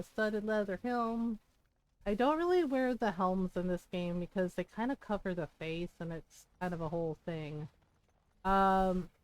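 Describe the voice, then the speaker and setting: A game streamer chats casually as she plays, rambling, giggling, and leaning on "like" and "right?" in her gameplay commentary. Her voice sits on the high side, a little mellow and smooth, captured in a dry, low-quality recording.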